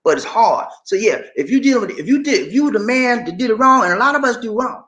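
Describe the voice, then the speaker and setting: A man's voice: extremely high pitch, expressive, fast, fairly bright tone, echoey room. An older man hosting a motivational live stream, talking in a preachy, rallying way that repeats phrases to draw his listeners in. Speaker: channel host.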